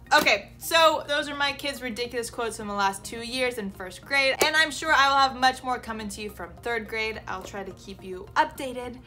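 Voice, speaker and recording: A woman in her twenties, an elementary school teacher, telling classroom stories in a casual vlog. She is animated, laughs often and acts out the kids' lines. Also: medium pitch.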